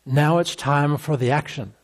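A man's voice: fairly high pitch, normal speed. A man preaching a sermon, emphatic and repetitive, acting out quotes from scripture as he goes.

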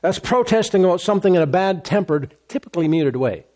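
A man preaching a sermon as a pastor, animated, acting out complaining voices along the way. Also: sits high, fast.

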